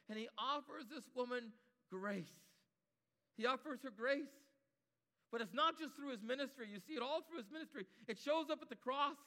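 A man's voice: very high-pitched, animated, a little fast, pushed and bright, big-room sound. A man preaching a sermon, building his points through emphatic repetition.

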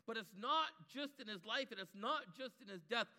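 Man, preacher, sermon, high voice, emphatic repetitive cadence. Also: animated, normal speed, bright, forceful tone, in a large hall.

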